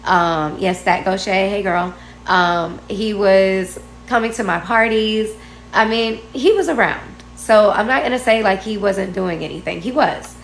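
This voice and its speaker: Woman guest, casual storyteller, mid-pitched voice, lively delivery, echoey room. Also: measured pace, gravelly, slight background noise. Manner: animated, acts out quoted dialogue, laughs while telling. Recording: roomy echo.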